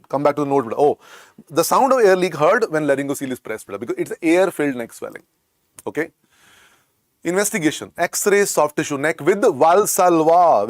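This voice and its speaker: A man with a slightly high voice and an Indian English accent gives a medical exam lecture, recorded dry in a clean studio. He's repetitive and coaxing, going back over key points and repeatedly calling his students "beta."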